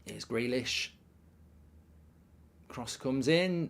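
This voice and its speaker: A man's voice: mid-range voice, lively intonation, normal speed. Man, middle-aged, watchalong host, casual chat, reacting to the match. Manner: casual, chatty, reads out viewer messages. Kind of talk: live football watchalong commentary.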